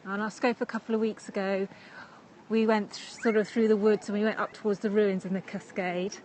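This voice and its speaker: A woman's voice: medium pitch, little pitch movement, brisk, a little mellow, slight background noise. A woman with an English accent chatting to viewers while walking outdoors, describing the route and laughing lightly. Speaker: live-stream vlogger. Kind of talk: casual walking live stream. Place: outdoor lakeside park. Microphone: phone camera while walking.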